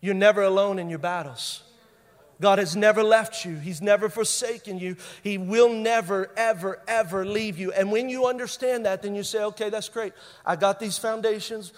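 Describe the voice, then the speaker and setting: A male pastor preaching a sermon. He stresses key phrases by repeating them, and he moves between loud bursts and quiet, intense lines. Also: high-pitched, moderate pace. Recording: long reverb of a large hall.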